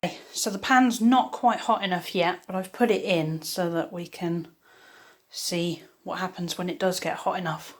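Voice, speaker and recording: A woman's voice: on the low side, steady tone, moderate pace. A woman chatting upbeat while cooking in her home kitchen for a casual vlog. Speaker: YouTuber baking at home.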